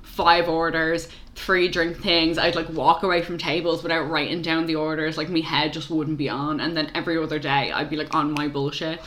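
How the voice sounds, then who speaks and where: Chatty young woman, bright voice. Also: low voice, moderate pace, few pauses. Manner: swearing, animated storytelling with mimicked voices. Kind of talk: casual chat.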